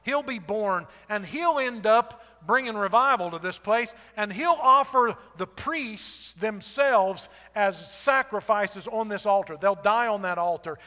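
A stern, blind old prophet, as a male preacher puts him on, calling out warnings in a loud, declaiming voice. The tone is high and bright. The voice carries a long hall reverb. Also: measured pace, hardly any pauses.

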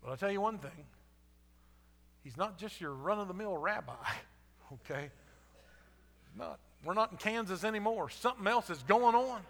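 A man's voice: high-pitched, lively intonation, normal speed, pauses often, a bit bright, in a large hall. A man, a pastor, preaching a sermon in a conversational storytelling way. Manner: storytelling, conversational, acts out quotes.

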